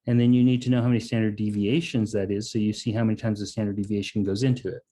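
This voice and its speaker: Racing through a casual online math lecture, this instructor breaks things down step by step and keeps saying "okay" and "um." His voice is fairly low and warm, though his delivery is flat.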